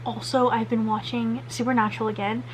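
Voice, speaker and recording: A woman's voice: on the high side, flat delivery, a little fast, a little hiss or hum, poor audio. Chatty young woman crafting vlogger. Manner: chatty, rambling, upbeat asides. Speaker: crochet vlogger. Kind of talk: casual crafting vlog chat.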